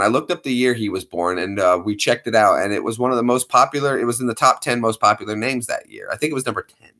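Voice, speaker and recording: A man hosting a casual live stream, chatting playfully with his viewers in an animated way. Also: medium pitch, fast.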